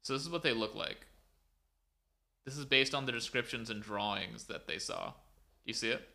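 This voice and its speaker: A man's voice: mid-range voice, moderate pace, creaky, bright, forceful tone. A man co-hosting a podcast, retelling a story casually over a video call, filling it with "like" and "um". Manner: rambling, filler-heavy. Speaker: podcast co-host.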